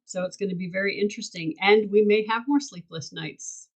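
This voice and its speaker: A woman's voice: medium pitch, fairly quick, rough recording. A woman co-hosting a casual podcast chat, reflective and coaching, often restarting her sentences. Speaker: podcast co-host.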